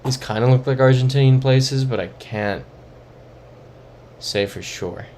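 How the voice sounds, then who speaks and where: Speaking at a medium pitch, a little slow and a little mellow, a young man mutters through a geography guessing game stream. He thinks aloud and reads chat messages in casual live-stream commentary, with a slight hiss or hum in the recording.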